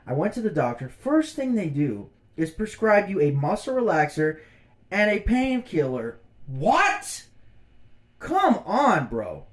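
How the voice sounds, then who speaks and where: A man's voice: high-pitched, very animated, moderate pace. A man in his thirties telling a personal story as a vlogger, casual, slangy and exasperated.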